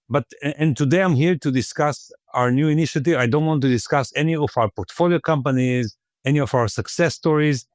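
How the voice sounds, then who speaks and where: A man's voice: medium pitch, no echo, studio quality. Man talking as a podcast guest. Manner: thoughtful, with frequent fillers and restarts. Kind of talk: conversational interview.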